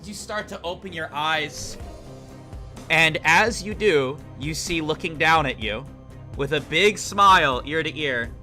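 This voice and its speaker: A man running a tabletop game on a live stream, narrating scenes with animated, laughing delivery. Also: on the high side, a little slow, soft background music. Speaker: game master.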